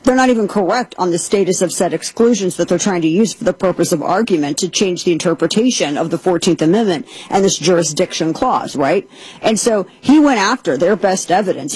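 A woman's voice: lowish voice, animated, brisk, a little mellow, breathy edge, dry recording, low-quality recording. A woman hosting a talk show, reading quotes at length and giving indignant commentary. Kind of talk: opinion commentary and host-read ad.

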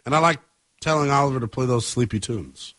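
A man's voice: mid-range voice, a little fast, a bit bright, no room sound. A man co-hosting a podcast in blunt, teasing casual chat. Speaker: podcast co-host.

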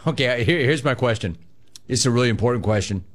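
A man's voice: mid-range voice, lively intonation, fast. A middle-aged man hosting a sports talk radio show, brash and teasing as he tells stories. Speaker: radio host.

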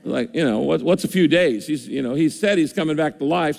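A man's voice: a little high, expressive, moderate pace, gravelly, few pauses. An older man preaching a sermon in a conversational way, voicing listeners' objections as he goes. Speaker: pastor. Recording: long reverb of a large hall.

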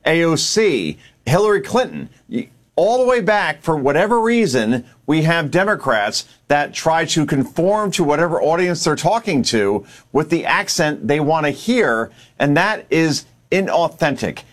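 A man's voice: a little high, big pitch swings, a little slow. A man commenting on politics in a panel discussion, emphatic and argumentative.

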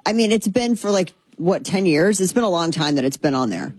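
A chatty woman hosting a casual show, rambling and sarcastic. Her voice is a little husky and sits somewhat low. The sound is dry and close, with no room around it. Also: lively intonation, fairly quick, a little mellow, dry recording. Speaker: podcast host. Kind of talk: casual chat.

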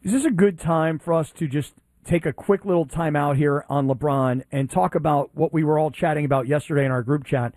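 A man's voice: a little high, brisk, hardly any pauses, darkish tone, no room sound. A man co-hosting a casual sports talk show, playful and needling. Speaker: sports podcast co-host. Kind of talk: casual chat.

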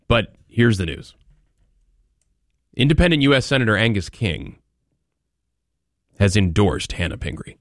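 A male talk radio host with a lowish voice, heaping dramatic, sarcastic mock outrage on his commentary. He sounds close and dry on a studio microphone, with no room sound around him. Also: very animated, unhurried, pauses often, fairly bright tone, dry recording.

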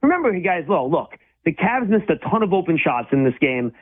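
A high-voiced man talks sports in a quick, emphatic flow, restarting his sentences as he goes. His voice comes through a thin, phone-like line. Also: very animated, husky. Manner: fast, emphatic, with repeated restarts. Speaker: sports radio co-host. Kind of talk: casual sports talk.

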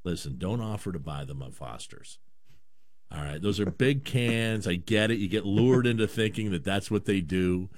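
A man's voice: deep voice, normal speed. A man hosting a radio show, chatting casually and joking with lots of restarts. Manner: animated, rambling, joking with restarts. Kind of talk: casual chat.

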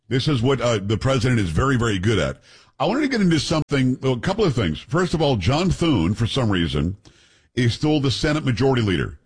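A man's voice: mid-range voice, husky. A man hosting a talk radio show, giving blunt, opinionated political commentary and repeating his points for emphasis.

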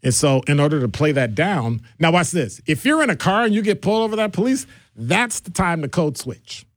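Animated male radio talk host. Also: a little high, fairly quick, no echo, clean studio sound. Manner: animated, jumps between topics, playful asides.

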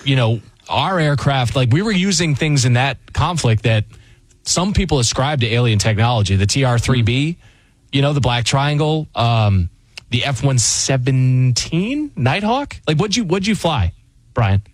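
An upbeat man hosts a call-in radio show, chatting casually with callers. His voice sits at an ordinary pitch and sounds close and dry at the studio mic. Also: sing-song, normal speed, slightly rough, dry recording. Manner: casual, upbeat, says buddy and dude. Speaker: sports radio host.

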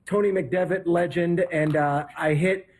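A man with a somewhat high voice hosting a podcast. He is upbeat and jokey, rattling off shout-outs as he wraps up the show. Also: steady tone, measured pace. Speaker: podcast host. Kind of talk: casual podcast sign-off.

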